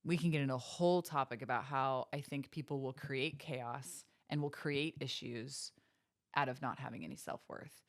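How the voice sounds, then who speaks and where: A woman's voice: extremely low pitch, normal speed. A woman hosting a podcast, giving earnest, preachy motivational talk with faith references and many rhetorical questions. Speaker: podcast host.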